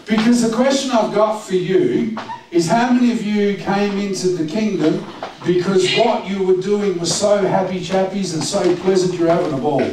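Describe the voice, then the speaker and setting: A man's voice: high-pitched, moderate pace. A middle-aged man preaching a sermon as pastor, talking plainly and putting questions to the congregation. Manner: conversational, direct, asks the congregation questions. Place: church hall. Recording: echoey church room from far off, faint noise.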